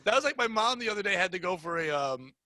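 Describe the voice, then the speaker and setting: A man's voice: high voice, fast talker, no room sound. A young adult man in casual podcast chat, rambling and swearing as he tells stories. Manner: swearing, rambling, animated storytelling.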